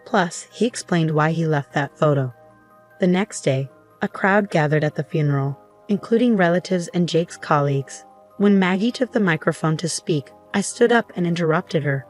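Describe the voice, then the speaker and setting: A woman narrating a first-person story in an even, earnest scripted style. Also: fairly low pitch, moderate pace. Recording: faint background music.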